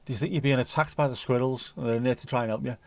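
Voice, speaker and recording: A man's voice: mid-range voice, steady tone, rapid-fire, vocal fry, no echo. A man with a mid-range voice chats his way through viewer comments on a livestream. He rambles and jokes as he goes. The sound is dry and close. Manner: jokey, rambling, playful. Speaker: livestream host. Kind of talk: casual chat reading viewer comments.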